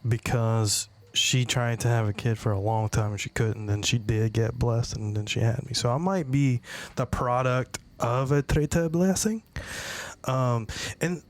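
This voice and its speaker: A man's voice: mid-range voice, unhurried, a little hiss or hum. A man hosting a podcast, chatting casually and joking crudely. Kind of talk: casual chat.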